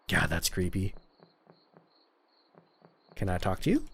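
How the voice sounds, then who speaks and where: Guy playing a game, casual wry commentary, animated pitch, muttering asides. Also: slow, creaky, long pauses, husky. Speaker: let's-play streamer.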